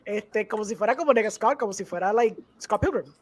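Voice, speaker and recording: A man's voice: high-pitched, quick pace, a loud crowd. A man co-hosting a podcast, chatting casually and explaining with energy while he switches between Spanish and English mid-sentence. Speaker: podcast co-host. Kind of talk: casual chat.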